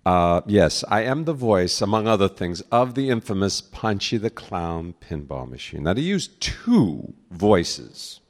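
A man, a voice actor, telling anecdotes to a crowd at a convention in a large hall, laughing as he goes. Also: sits low. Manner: animated storyteller who laughs and slips into voices. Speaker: voice actor giving a talk.

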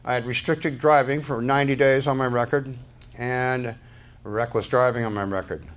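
A man's voice: mid-range voice, fairly even intonation, normal speed. An older man telling a personal story to an audience, rambling casually with many restarts and fillers. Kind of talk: casual spoken anecdote.

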